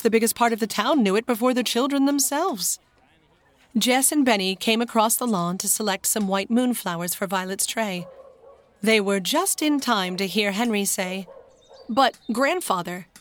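A woman narrating a children's storybook as an audiobook in a calm, even manner. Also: medium pitch, no echo.

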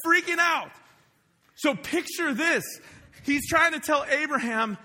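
Male pastor, high bright voice, casual and animated, shouts for emphasis, reverberant hall. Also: unhurried. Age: adult parent. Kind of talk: sermon. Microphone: wearing a microphone.

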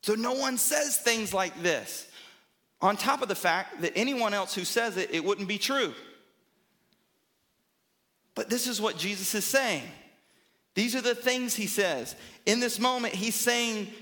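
Bright-voiced, high-pitched male pastor preaching. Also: unhurried, pauses often. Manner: emphatic, repeats phrases for rhythm, asks "right?". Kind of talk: sermon.

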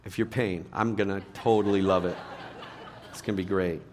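With a low-pitched voice and moderate pace, a middle-aged pastor gives an animated, humorous sermon to a live audience, shifting between loud punchlines and hushed earnest remarks. A little hiss or hum can be heard.

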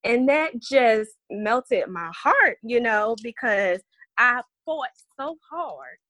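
A woman's voice: fairly high pitch, sing-song, slow pace, fairly bright tone, no echo. A woman in her thirties, a special education teacher, speaking earnestly and reflectively as an interview guest. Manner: earnest, reflective, reads letters aloud. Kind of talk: heartfelt interview talk.

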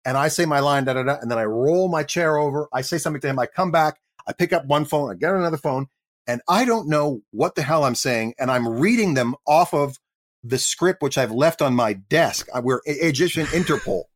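A middle-aged Canadian man, a guest actor telling a lively anecdote in an interview and acting out the voices of the people in it. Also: on the high side, a little fast. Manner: animated storyteller acting out quoted voices.

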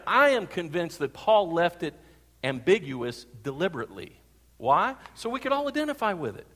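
A man preaching a sermon to his congregation, asking them pointed questions. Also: high voice. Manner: animated, rhetorical questions to the congregation. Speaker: pastor. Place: church sanctuary. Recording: long hall reverb.

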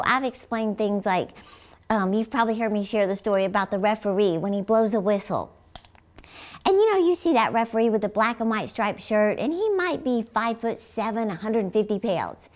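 A middle-aged woman preaching a sermon in an emphatic manner, often rising to high exclamations. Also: darkish tone.

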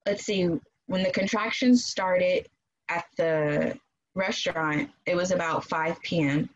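A woman casually telling a personal story in an animated way, acting out quoted voices and laughing often. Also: lowish voice, unhurried, muffled recording. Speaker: guest telling her birth story.

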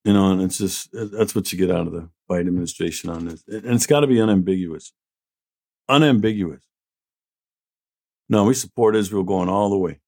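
A man's voice: sits low, fairly even intonation, quick pace, hardly any pauses, warm tone. A middle-aged man hosting an opinion show, reading out news and answering it in a blunt, indignant, sarcastic way. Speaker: host. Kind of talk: opinion commentary.

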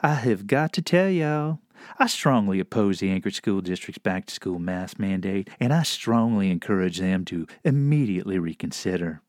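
A man voicing a gentle male server with a slow, soothing Southern US drawl. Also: low-pitched, animated, no echo, studio quality, pitched below the performer's own voice. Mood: mock-soothing.

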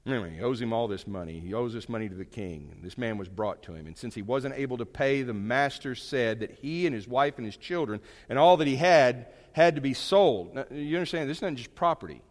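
Lively male preacher in a reverberant hall. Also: medium pitch, fairly quick, hardly any pauses. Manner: conversational, animated storytelling with asides. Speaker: pastor. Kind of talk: sermon.

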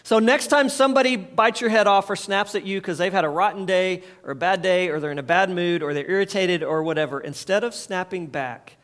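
A man with a high voice gives a relaxed, conversational sermon. He speaks like a pastor talking with his congregation and has them repeat short phrases back to him. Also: fairly quick, few pauses. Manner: conversational preaching, leads the audience in call-and-response.

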